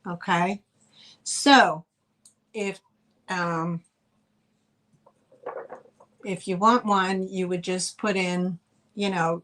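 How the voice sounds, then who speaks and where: Slow-talking New York woman selling live. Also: on the low side, a bit bright. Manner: chatty, greets chat viewers by name. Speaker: live sale host. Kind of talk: live-stream selling chat.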